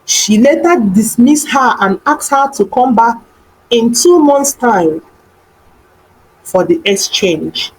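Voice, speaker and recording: Expressive female storybook narrator. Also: on the high side, takes it slowly, husky, low-quality recording.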